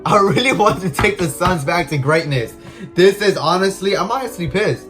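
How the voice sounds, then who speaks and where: Young male gaming host, slightly high voice, casual slangy commentary, prone to frustrated rants, faint music underneath. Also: expressive, normal speed, a bit bright. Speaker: gaming YouTuber.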